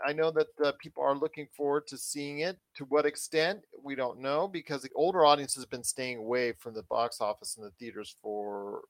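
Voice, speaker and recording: A man's voice: medium pitch, brisk, hardly any pauses, no room sound. A man hosting a pop culture podcast, chatting casually and stressing his points with repetition. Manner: chatty, emphatic, repeats points. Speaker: podcast host.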